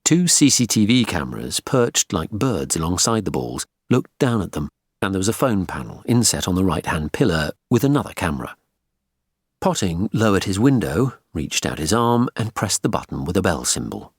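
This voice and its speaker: Audiobook reader: man, low and husky, lively, dry close read. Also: normal speed, no room sound. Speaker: audiobook narrator. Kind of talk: scripted narration.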